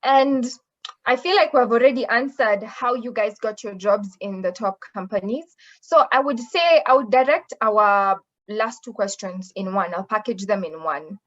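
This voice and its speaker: A woman moderates an online panel discussion as a webinar host, effusive and full of fillers. Her mid-range voice moves at normal speed, and the audio is slightly dull and lo-fi.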